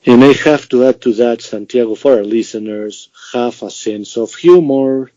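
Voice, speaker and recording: A man's voice: medium pitch, moderate pace, dark tone, dry recording. A man hosting a podcast interview in a friendly, appreciative way. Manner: friendly and appreciative, laughs lightly. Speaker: podcast host. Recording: dull lo-fi sound, dry.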